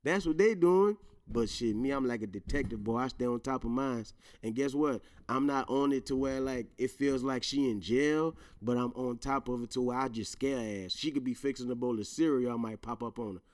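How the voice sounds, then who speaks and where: A male host in casual solo commentary whose voice sits at an ordinary middle pitch. He swears freely, laughs through his own rants and leans on slang. He keeps turning to his listeners with asides like "you feel me?". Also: normal speed, hardly any pauses, a little mellow. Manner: profane, laughing, emphatic rants; slang-heavy, addresses listeners directly. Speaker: podcast host.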